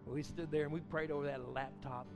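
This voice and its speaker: A man preaching a sermon at a church service, fervent, swinging between loud outbursts and quiet storytelling. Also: a little high. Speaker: pastor.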